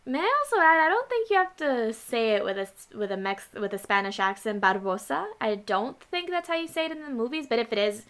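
A woman's voice: fairly high pitch, very animated, fairly quick, few pauses, fairly bright tone. A woman hosting a casual reaction video, chatting playfully and adding asides. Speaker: channel host reacting to a video.

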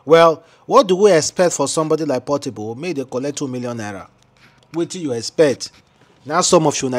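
Man, Nigerian Pidgin accent, higher pitch, chatty commentary, rambling fillers. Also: lively intonation, brisk. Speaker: commentary channel host. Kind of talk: news commentary.

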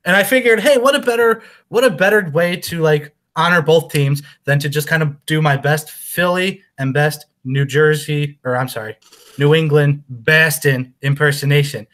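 A man co-hosting a casual sports chat, animated and joking as he talks football. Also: a little high. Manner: animated, joking, quick to laugh. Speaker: sports podcast co-host.

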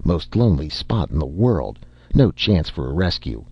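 A man's voice: very deep voice, very animated, moderate pace, husky, no echo, muffled recording, heavily acted. A man voicing an anxious, driven young male scientist who stammers when upset, in a storybook reading. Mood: urgent.

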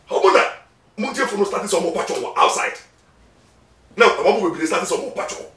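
In an echoey room with a distant mic, a Ghanaian lawyer guest talks emphatically, repeating words and moving between Twi and English. His voice is high, expressive, and fairly bright, and he speaks a little fast.

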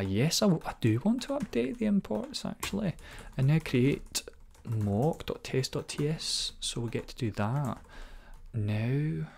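A man's voice: mid-range voice, gravelly, darkish tone, a little hiss or hum. A man live-streaming a programming session, thinking aloud, trading jokes with viewers and chuckling often. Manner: muses aloud, weighs names, chuckles often. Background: computer keyboard typing.

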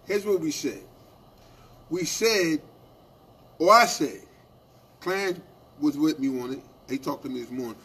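A man co-hosting a union radio show, telling animated stories in casual talk and asking "right?" after his points. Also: on the high side, unhurried, pauses often, breathy edge. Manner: animated storytelling, acting out quoted exchanges, repeated "right?".

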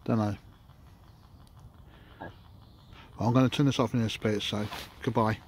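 A man running a ghost hunting session outdoors at night, talking slowly and calmly to coax spirits. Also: on the low side. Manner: calm, coaxing, speaks slowly to spirits. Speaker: paranormal investigator. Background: faint noise of passing traffic.

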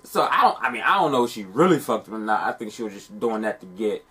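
A man's voice: on the low side, quick pace, pushed and bright, breathy edge, full character voice. An actor playing a young man on a phone call who tells a rambling, profane story about a party night, defensive and streetwise. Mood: recounting. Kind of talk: scripted monologue.

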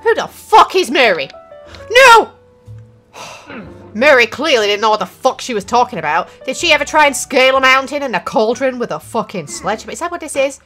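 A young woman giving frustrated gameplay commentary, swearing constantly and swinging between sarcasm and yelling. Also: high voice, sing-song, quick pace, faint music behind. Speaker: gaming channel host.

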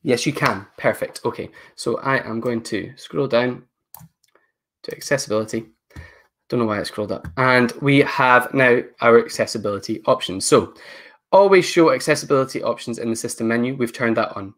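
A man's voice: medium pitch, normal speed, fairly bright tone. A man leading a live online training session, talking casually and thinking aloud as he clicks through settings on a computer mic. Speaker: education technology presenter.

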